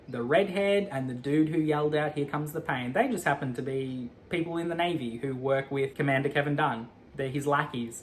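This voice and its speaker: A man giving a casual, animated film recap, acting out the characters' lines as he goes. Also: fairly high pitch, slight background noise. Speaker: movie recap commentator.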